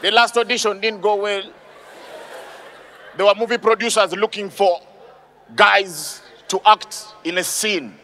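A man doing an animated stand-up comedy routine, shouting his punchlines and acting out characters. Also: high-pitched, unhurried, long pauses. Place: live comedy stage. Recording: live stage with audience noise.

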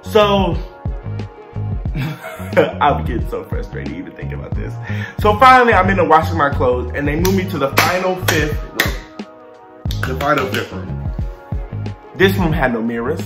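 A young man vlogging, telling a story with animated, exasperated delivery. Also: a little high, normal speed, long pauses, music in the background. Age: young adult. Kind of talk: storytime vlog. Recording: roomy echo.

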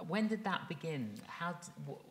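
Man asking gentle questions in a roomy space. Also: on the high side, animated, moderate pace, a little hiss or hum. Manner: brief, encouraging prompts and gentle questions. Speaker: interviewer host. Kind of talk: interview questions. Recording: roomy echo.

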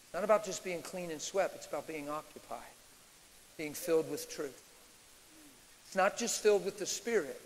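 A man preaching live in a large church, animated, sometimes shouting and mimicking screams. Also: on the high side, moderate pace. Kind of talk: sermon Q&A. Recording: reverberant hall with faint hiss.

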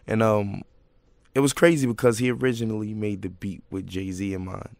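A young man talking as a guest in a casual interview, relaxed and full of slang, laughing as he tells stories. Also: fairly low pitch, moderate pace, gravelly, dry recording. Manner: laid-back slang, laughs through stories. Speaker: guest rapper.

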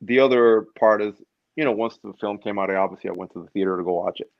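Animated man with a low voice. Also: fast, vocal fry, no echo, highs cut off. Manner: animated storyteller, acts out quotes. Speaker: stunt performer guest. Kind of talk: casual interview chat.

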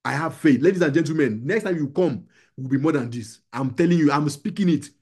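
Fairly quick, a little high, mellow yet slightly rough, this young adult pastor delivers a sermon to a small group. His preaching urges listeners on, repeating lines with call-and-response.

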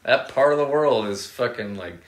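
A man's voice: medium pitch, animated, moderate pace. A man co-hosting a podcast in casual comedic chat, trading dry, teasing banter. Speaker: podcast co-host. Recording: roomy echo, faint noise.

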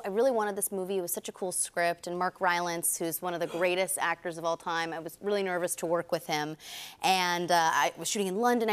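A woman in her twenties from Southern California, an actress guest on a talk show, telling stories in an animated, giggly way. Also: on the low side, smooth. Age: 20s. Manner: animated, giggly, chatty storyteller. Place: TV studio.

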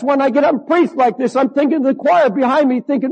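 An older man preaching a sermon, fervent and slow, stretching his words and rising to shouts at the high points. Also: creaky, muffled recording. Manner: slow, drawn-out emphasis. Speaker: pastor.

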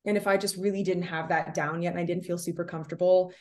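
A woman's voice: lowish voice, fairly even intonation, fast talker, darkish tone. A young woman from the United States, an actress chatting casually as an interview guest, with lots of fillers. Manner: chatty, many fillers, laughs often.

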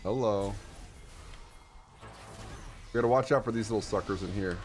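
A young man giving excited gameplay commentary as a streamer, full of gamer slang and exclamations, with faint music behind him. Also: lowish voice, normal speed.

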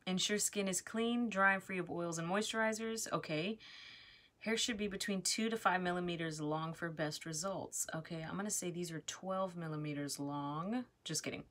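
A woman's voice: on the low side, normal speed, a bit bright. A woman vlogging at home, nervously exclaiming and giggling as she reads product instructions aloud. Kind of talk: casual vlog, reading product instructions aloud.

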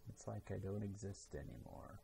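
A man's voice: sits low, big pitch swings, normal speed, creaky, mellow, slight background noise, full character voice. A man reading aloud, voicing a gloomy, grumbling young ghost ninja in a storybook. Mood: glum.

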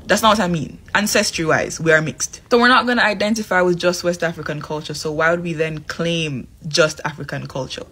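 A woman from Jamaica, giving her opinion in an animated, emphatic way. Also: on the low side, slightly rough. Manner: animated, emphatic, quick asides. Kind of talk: opinion commentary.

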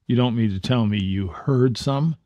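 A man reading the part of a genial middle-aged detective father, calm and measured. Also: medium pitch, dry recording, close to an everyday voice.

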